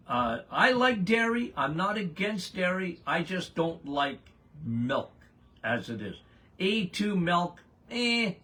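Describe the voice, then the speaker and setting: Lively, emphatic older man host. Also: high voice. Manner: emphatic, blunt and folksy. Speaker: podcast host answering listener questions. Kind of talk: casual health Q&A.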